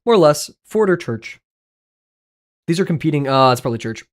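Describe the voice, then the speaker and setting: A man's voice: a little high, sing-song, a little fast. A man streaming live, rambling through casual commentary, swearing freely, joking and laughing often.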